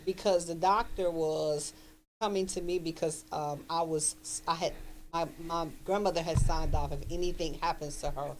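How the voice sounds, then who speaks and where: A woman talks in an earnest, reflective way in casual conversation. Her voice sits on the low side. A faint hum of noise runs under her speech. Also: fairly even intonation, normal speed. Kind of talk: casual chat.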